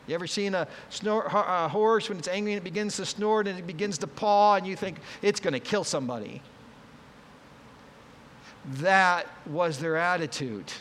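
A man's voice: high-pitched, a bit bright. A man preaching a conversational sermon, acting out the quoted voices as he explains a Bible passage. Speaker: pastor. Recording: long reverb, faint ambience.

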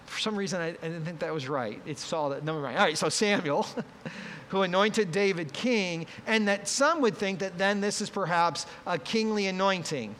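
Male pastor, slightly high voice, conversational sermon delivery that acts out the quotes, long hall reverb. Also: moderate pace, a bit bright, slight background noise. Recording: long reverb, faint ambience.

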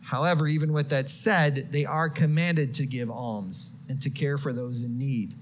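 A man preaching a sermon, moving from quiet explanation to loud, shouted passages. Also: medium pitch, moderate pace, slight background noise. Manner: expressive, swings from quiet to shouted quotes.

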